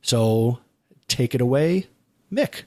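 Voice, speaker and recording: A man hosting a podcast in casual chat, who slows down to spell out web addresses. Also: medium pitch. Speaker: podcast host.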